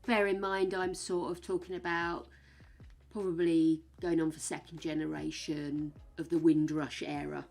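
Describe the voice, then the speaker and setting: A woman's voice: low-pitched, little pitch movement, moderate pace, creaky, a little mellow. An English woman streaming a game, chatting in a rambling way, laughing often and sometimes dropping to a whisper. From England. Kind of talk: casual chat while gaming.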